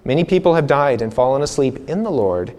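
A man's voice: medium pitch, expressive, a little fast, darkish tone. A man leading a Bible seminar, preaching in a casual, conversational way with frequent repetitions and restarts. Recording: long reverb hall.

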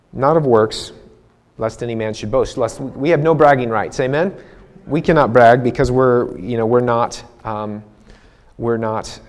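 A man's voice: medium pitch, darkish tone. A male preacher giving a conversational sermon, telling a personal story with frequent restarts and laughing at himself.

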